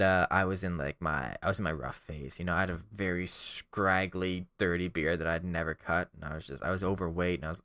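A man's voice: low voice, sharp tone, dry recording, studio quality. A young man casually telling a self-deprecating personal story, rambling with lots of fillers.

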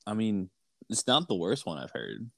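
A man co-hosting a radio show, trading deadpan jokes in casual banter. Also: fairly low pitch, moderate pace, gravelly, dry recording. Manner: dry, deadpan humor. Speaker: radio co-host.

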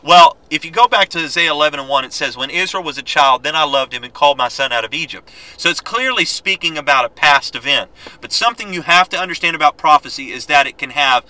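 A man teaching a Bible lesson, reading scripture aloud and exhorting his listeners in an earnest, quick-paced way with frequent restarts. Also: fairly high pitch, lively intonation, sharp tone, poor audio.

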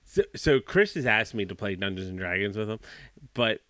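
Guy cracking up telling stories, lively voice, dry sound. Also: lowish voice, normal speed, no room sound. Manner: laughs a lot while telling a story. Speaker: podcast co-host. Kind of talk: casual chat.

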